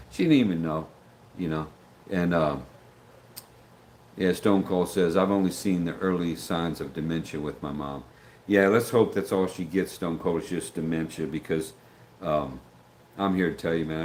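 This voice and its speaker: A middle-aged man with a very low voice, talking loosely on a livestream and answering viewer comments. He wanders off track, backs up, and acts out the people he quotes. A faint hum of noise sits behind him. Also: fairly even intonation, normal speed, a little mellow, poor audio. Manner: rambling, loses his train of thought, acts out quoted voices. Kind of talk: casual livestream chat.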